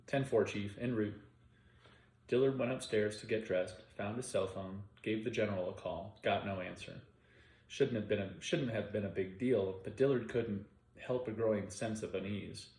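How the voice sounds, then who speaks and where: Low-voiced man narrating an audiobook. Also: a little mellow. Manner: unhurried plain reading with occasional self-corrections. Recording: roomy echo.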